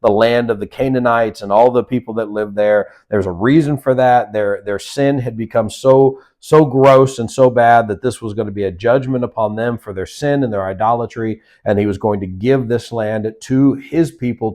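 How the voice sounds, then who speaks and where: A man's voice: on the low side, fairly even intonation, darkish tone. A man teaching a Sunday School lesson in a conversational way, with frequent restarts and self-corrections. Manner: conversational, acts out voices in quotes, halting restarts. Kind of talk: Bible study lesson.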